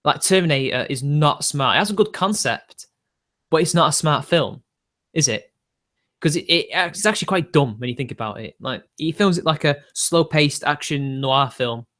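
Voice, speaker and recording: Chatty streamer. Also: male voice, on the high side, fairly bright tone. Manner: rambling, opinionated, laughs often between remarks. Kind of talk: casual livestream chat answering viewers.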